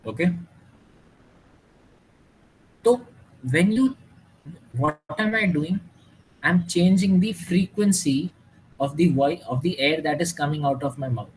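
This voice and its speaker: A man's voice: fairly high pitch, a little slow, slight background noise, low-quality recording. A man teaching a classroom lesson, mixing with Hindi and quizzing students. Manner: animated, mixes English with Hindi, asks students questions. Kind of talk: classroom lecture.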